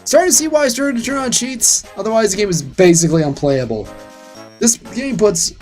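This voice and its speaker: A man's voice: sits high, expressive, fairly quick, a little mellow, soft background music. A man hosting a let's-play, giving sarcastic, ranting commentary with casual swearing. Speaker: gaming channel host.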